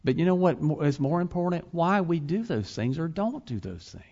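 A man's voice: fairly high pitch, expressive, moderate pace, dark tone. A man preaching a sermon, asking the congregation rhetorical questions and building to emphatic points. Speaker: pastor and college teacher. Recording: slightly dull lo-fi sound.

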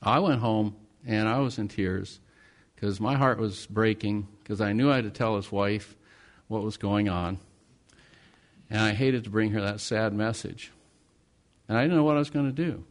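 Male pastor, sermon storytelling, dramatic swings from hushed to loud. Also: fairly low pitch, normal speed.

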